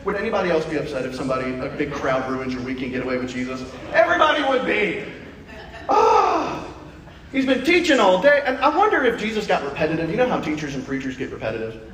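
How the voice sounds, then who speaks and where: A man preaching a lively sermon, his high voice swinging up and down as he jokes and acts out bits of the story. He sounds set back from the mic, with a long echo rolling around the church hall. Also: very fast, few pauses. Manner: playful, animated preaching with acted-out asides. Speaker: pastor. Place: church sanctuary. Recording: echoey hall, mic from a distance.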